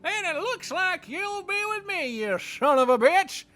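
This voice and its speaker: A man voicing a manic, boyish male dog who guides miners, squeaky and excitable. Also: unhurried, heavily acted. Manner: excitable, shouty, pushy.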